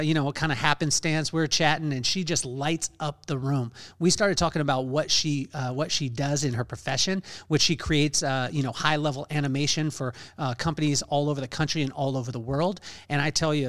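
High-voiced, energetic male podcast host. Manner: energetic, rambling with many fillers and restarts. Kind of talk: casual conversational interview.

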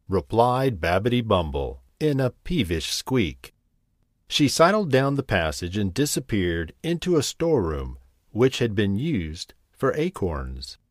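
A man narrating a children's storybook, expressive and playful, acting out each character. His voice sits on the low side and moves through a wide, lively range. The recording is close and dry. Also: no room sound. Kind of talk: storybook read-aloud.

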